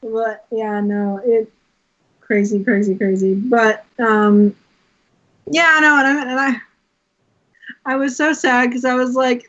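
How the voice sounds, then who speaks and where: A young woman, a guest on a podcast, telling excited stories and laughing often. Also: a little high, takes it slowly, long pauses. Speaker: guest performer. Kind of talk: casual interview chat. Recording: dull lo-fi audio.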